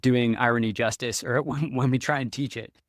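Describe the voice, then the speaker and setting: A man's voice: mid-range voice, fairly even intonation, brisk, dry recording, clean studio sound. A man hosting an interview as a speech therapist, asking curious questions in an agreeable, hedging way. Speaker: podcast host, speech therapist. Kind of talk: interview conversation.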